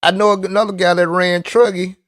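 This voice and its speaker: A man chats casually, rambling and teasing and often restarting his sentences. His voice sits a little high for a man. The recording is dry and close, with no room sound. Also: flat delivery, fairly quick, fairly bright tone, no echo. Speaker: RC racing vlogger. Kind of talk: casual chat.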